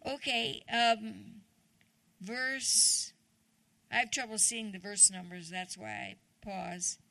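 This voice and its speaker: Woman guest preacher, conversational sermon, gravelly voice, questions for the congregation, dry sound. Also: medium pitch, slow, pushed and bright, no room sound. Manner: chatty, asks the congregation questions.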